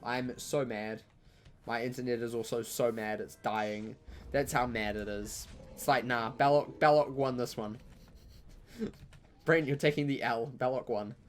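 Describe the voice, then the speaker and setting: A young man, chatting casually through a live-streamed game, joking and breaking into loud outcries. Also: medium pitch, fairly even intonation, measured pace. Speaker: gaming streamer.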